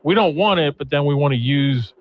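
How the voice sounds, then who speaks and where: A man's voice: fairly high pitch, lively intonation, fairly quick, lo-fi sound, slight background noise. A man hosting a talk radio show, chatting easily with a caller and co-host.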